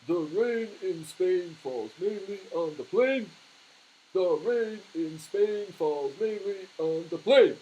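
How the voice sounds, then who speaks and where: A man voicing a goofy male hand puppet who recites slowly and deliberately. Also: high-pitched, lively intonation, warm tone, husky, dull audio, pitched above the performer's own voice, full character voice. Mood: reciting. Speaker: puppet sidekick.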